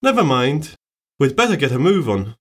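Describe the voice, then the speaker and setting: A man performing scripted everyday dialogue for a listening exercise, with clear, plainly acted delivery. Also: medium pitch, big pitch swings, moderate pace.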